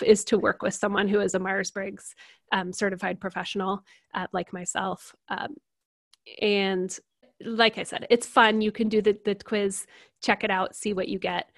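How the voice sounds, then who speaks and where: A woman guest explaining personality types in a casual interview, animated and laughing often as she acts out examples. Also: mid-range voice, dry recording, studio quality. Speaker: certified personality type coach, guest.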